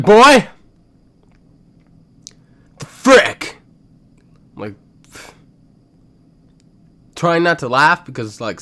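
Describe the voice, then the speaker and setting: Young guy doing story time, kinda high voice, slow, loud bursts then muttering. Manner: animated, swings between loud outbursts and mutters.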